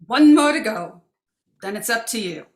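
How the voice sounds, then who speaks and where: A sardonic hacker henchman who warns that the job will take a miracle, read by a woman. The voice is fairly high and comes through an echoey room. A comedic staged play reading. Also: expressive, natural voice. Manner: quick, sardonic.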